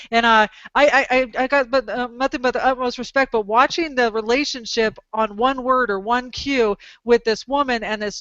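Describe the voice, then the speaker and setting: Bright, crisp-voiced woman telling animated stories. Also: a little high, no echo, muffled recording. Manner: animated, rambling anecdotes with exclamations. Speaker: podcast host, dog trainer. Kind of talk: casual storytelling chat.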